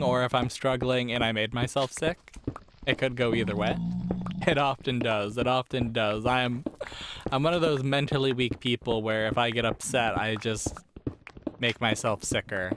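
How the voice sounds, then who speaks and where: A man's voice: medium pitch, fairly even intonation, normal speed, heavy background noise. A man hosting a casual let's play, rambling and self-deprecating as he plays. He is losing his voice. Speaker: gaming channel host. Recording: game music playing under voice. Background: game music.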